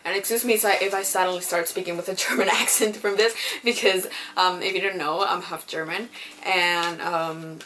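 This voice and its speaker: A woman's voice: on the low side, steady tone, moderate pace, bright, forceful tone. A young woman vlogging in a casual, chatty way, full of ums and casual swearing. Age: young adult. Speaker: beauty vlogger. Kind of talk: casual chat.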